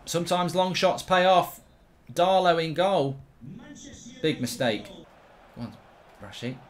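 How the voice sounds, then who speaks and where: A middle-aged man gives live commentary on his own video game match. His voice sits high and swings wildly, sliding from low mutters and curses to shouted celebration. He reacts to every moment with raw frustration or delight. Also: unhurried. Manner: excitable, swears, swings from grumbling to yelling. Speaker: gaming streamer.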